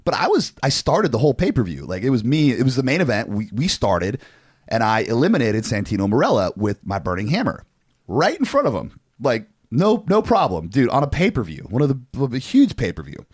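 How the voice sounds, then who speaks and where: A man in his forties, co-hosting a podcast, telling a story in a casual, animated way with lots of swearing and fillers. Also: mid-range voice, brisk, breathy edge, dry recording, clean studio sound. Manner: animated, profane, frequent fillers. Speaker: podcast co-host.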